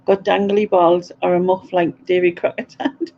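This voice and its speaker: A woman's voice: lowish voice, little pitch movement, normal speed, highs cut off, slight background noise. A middle-aged woman, chatting and giggling through a casual live question-and-answer stream.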